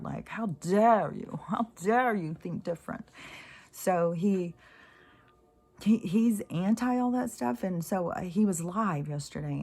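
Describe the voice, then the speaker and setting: A woman rants in a casual spiritual vlog monologue, swearing freely. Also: on the low side. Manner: ranting, swearing, animated. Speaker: spiritual vlogger.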